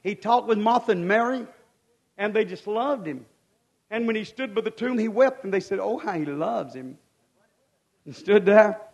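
A man preaching a fervent sermon. He swings from hushed, folksy asides to shouted climaxes and asks the congregation rhetorical questions. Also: high voice, normal speed.

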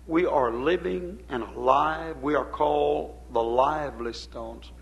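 A male preacher with a gravelly, creaky voice, possibly, delivers a sermon. He reads scripture in a measured cadence and then presses his points with swelling emphasis. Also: on the high side, poor audio.

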